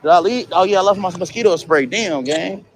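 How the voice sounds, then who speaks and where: A man's voice: sits high, a little fast, slight background noise, low-quality recording. A man vlogging as he walks around a street outdoors, chatting casually with passers-by and swearing now and then. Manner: laid-back, swears, chats with passers-by. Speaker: travel vlogger.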